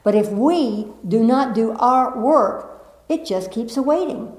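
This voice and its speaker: Woman, spiritual teacher, fairly high voice, emphatic, repeats herself, echoey meeting room. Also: expressive, takes it slowly, darkish tone. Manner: emphatic, repeats phrases, playful asides. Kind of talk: spiritual talk to a live audience. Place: room with a live audience. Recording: roomy echo of a meeting room.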